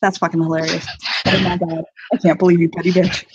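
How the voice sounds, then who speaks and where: Husky woman player narrating a tabletop game, animated, dull lo-fi mic. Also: on the low side. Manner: animated, quick, laughing asides. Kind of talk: tabletop role-play narration.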